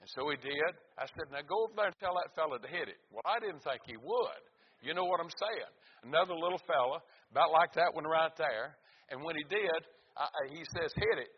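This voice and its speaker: A man's voice: on the high side, animated, fairly quick, slightly rough. An older man preaching a sermon as a Baptist pastor, folksy and calling out for amens. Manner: folksy, calls out for amens and witnesses. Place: church sanctuary. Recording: dull, echoey hall with faint hiss.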